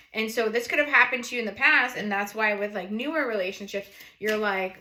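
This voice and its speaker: A woman from New England with a New England accent, chatting quickly and playfully while doing a tarot card reading. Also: mid-range voice, bright, forceful tone, reverberant. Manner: fast-talking, playful, laughs often. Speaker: tarot reader.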